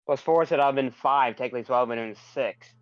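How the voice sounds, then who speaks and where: A man's voice: mid-range voice, fast, no echo. Man chatting at a game table, lo-fi. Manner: chatty, restarts often. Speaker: player. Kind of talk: casual tabletop game chat. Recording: dull dry lo-fi audio.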